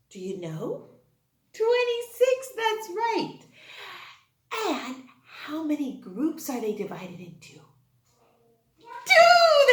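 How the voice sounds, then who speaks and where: A kindergarten teacher speaks in a high, very lively voice that swoops up and down. She takes her time, answering her own questions and cheering the children on. Her voice rings out in an echoey room. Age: adult. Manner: sing-song, asks questions and answers them herself; slow, clear and encouraging. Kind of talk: online class lesson.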